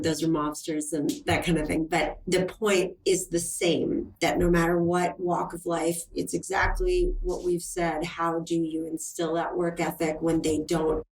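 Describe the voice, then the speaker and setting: A middle-aged woman talking earnestly and reflectively in a casual interview. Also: lowish voice. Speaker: film producer guest. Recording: roomy, distant mic.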